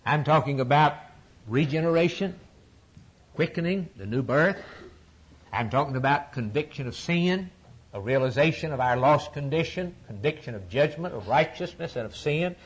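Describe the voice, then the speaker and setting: Male preacher, husky and fairly high, fervent repetitive sermon delivery. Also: animated, moderate pace. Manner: fervent preaching with repetition and dramatic pitch swings.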